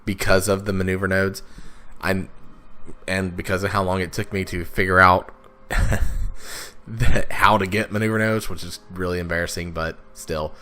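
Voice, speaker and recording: A man with a raspy, stuffed-up voice, casually talking through his gameplay with lots of fillers and restarts. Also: deep voice, little pitch movement, normal speed, bright, forceful tone. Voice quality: raspy, congested from blocked sinuses. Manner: rambling, many fillers and restarts. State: sniffly, stuffed up. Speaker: let's play gamer.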